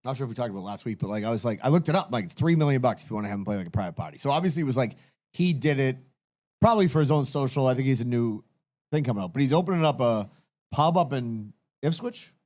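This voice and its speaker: Fast-talking profane male podcast host. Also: medium pitch. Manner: rambling, profane, animated storytelling. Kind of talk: casual chat.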